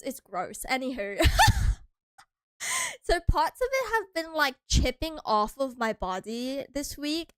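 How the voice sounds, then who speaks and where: Brief: young American woman, high voice, dry close sound, playful giggly streamer chat. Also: a bit bright, clean tone, no room sound. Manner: playful, giggly, chatty with viewers. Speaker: vtuber streamer.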